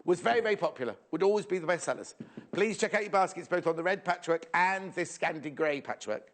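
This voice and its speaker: A man's voice: sits high, animated, fast talker, a bit bright. Chatty, jokey male presenter. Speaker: TV shopping presenter. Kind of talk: live shopping channel chat, reading viewer messages.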